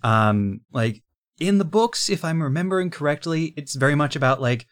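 A man's voice: on the high side, expressive, normal speed. Man chatting on a podcast. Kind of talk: casual chat.

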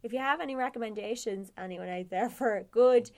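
A woman's voice: on the high side, brisk, darkish tone. A woman co-hosting a podcast in casual chat, rambling on and laughing easily. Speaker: podcast co-host.

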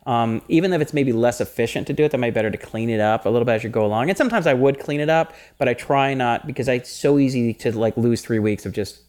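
A man co-hosting a casual podcast chat, animated and rambling, often breaking into laughter. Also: mid-range voice, fast, hardly any pauses. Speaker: podcast co-host.

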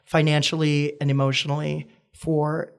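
A man in his twenties, a guest talking candidly and reflectively about his past in a relaxed conversation. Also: on the high side, gravelly. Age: 20s. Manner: earnest, reflective, measured.

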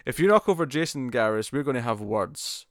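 A man's voice: medium pitch, animated, a little fast, no room sound, studio quality. A man co-hosting a casual podcast, recapping a TV episode with frequent laughs and restarts. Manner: laughing often, rambling with restarts. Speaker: podcast co-host. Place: home room with a cat.

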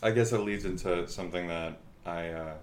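A man's voice: low-pitched, normal speed. Rambling, swearing New man. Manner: rambling, heavy swearing, storytelling. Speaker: podcast host. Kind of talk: casual chat. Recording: echoey room.

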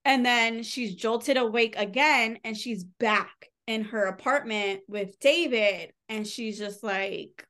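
A woman's voice: a little high, slow pace, hardly any pauses, a bit bright. Chatty woman recapping a novel. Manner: chatty, rambling, heavy use of "like", casual swearing. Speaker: podcast co-host reviewing books. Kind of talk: casual book recap.

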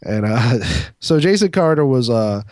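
A man's voice: mid-range voice, animated, a little slow, darkish tone, dry recording, studio quality. A man co-hosting a podcast, telling a long story in a rambling, profane way, full of fillers and restarts. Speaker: podcast co-host. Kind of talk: casual storytelling chat.

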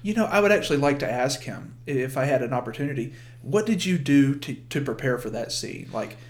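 A man co-hosting a podcast, chatting in a relaxed, agreeable way and chiming in with his own takes. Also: medium pitch, brisk. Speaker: podcast co-host. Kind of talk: casual chat.

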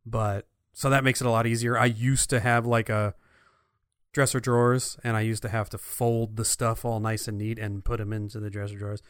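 A man's voice: fairly low pitch, little pitch movement, a little fast, smooth, dry recording, clean studio sound. A man co-hosting a podcast in casual chat, easygoing and chuckling, with playful voices for quotes. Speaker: podcast co-host.

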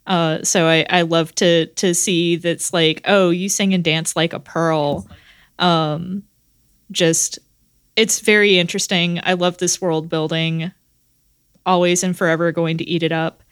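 A woman co-hosting a podcast, enthusing about a show in halting, rambling sentences. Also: fairly low pitch, fairly even intonation, clean tone, no room sound, clean studio sound. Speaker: podcast co-host. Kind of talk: casual podcast chat.

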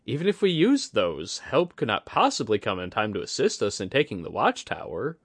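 A man's voice: fairly low pitch, wildly swooping pitch, normal speed, fairly bright tone, husky, no echo, clean studio sound, full character voice. A man voicing a nervous male scout who reports in a formal, anxious way. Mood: worried.

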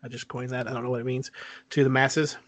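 A male podcast co-host at a middle pitch tells stories in a halting, stop-and-start way. He leans on filler words and restarts his sentences. The recording is dry and close. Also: little pitch movement, no echo. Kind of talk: casual chat.

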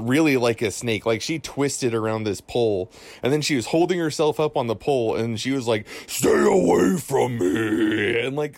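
A man's voice: medium pitch, no echo. Rambling man telling a ghost story. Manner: rambling, lots of fillers and restarts. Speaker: listener calling in a story. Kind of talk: casual spoken ghost story.

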